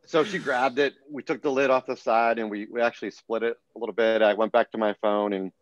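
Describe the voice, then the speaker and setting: A middle-aged man, a podcast guest, telling a personal story in an earnest, animated way, often restarting his sentences. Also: mid-range voice, fairly quick, no room sound, lo-fi sound. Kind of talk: casual storytelling interview.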